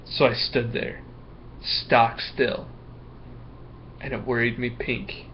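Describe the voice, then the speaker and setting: A man's voice: mid-range voice, fairly even intonation, slow, natural voice. Storybook: a man reading as a nervous schoolboy, hesitant and stammering, muffled recording with faint hiss. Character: young schoolboy, nervous, full of excuses. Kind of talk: reading a picture book aloud.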